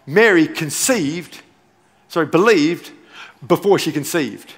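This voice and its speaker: In a big church auditorium, a pastor delivers an expressive, slow-paced sermon with force, driving points home and repeating key lines between playful asides. His voice sits high for a man, wrapped in the hall's long reverb.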